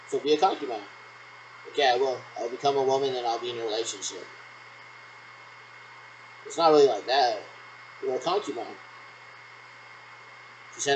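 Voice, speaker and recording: Guy rambling thru make-believe radio calls, saying over a lot, mid pitch voice, faint hiss. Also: moderate pace, pauses often, low-quality recording. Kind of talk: solo role-played radio checks.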